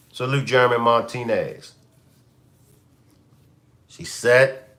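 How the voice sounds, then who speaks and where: Animated man hosting a live commentary. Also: mid-range voice. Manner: animated, repeats questions to the chat. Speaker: commentary show host.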